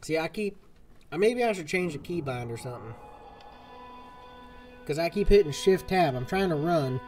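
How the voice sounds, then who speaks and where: A man streaming a western game live, chatting casually and swapping swear words for softer ones. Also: fairly high pitch, expressive, normal speed. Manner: chatty, swaps swears for "fudge". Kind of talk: live gameplay commentary. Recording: game music behind the voice.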